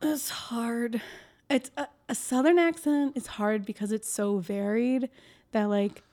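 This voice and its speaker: A woman's voice: a little high, lively intonation, a little slow, dark tone. A woman comedian, chatting casually as a podcast guest and laughing often.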